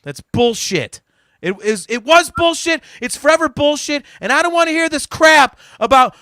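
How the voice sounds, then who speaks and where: Loud, excitable man ranting. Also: very high-pitched, normal speed, dry recording, clean studio sound. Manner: animated, loud, profane storytelling. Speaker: podcast host. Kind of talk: casual chat.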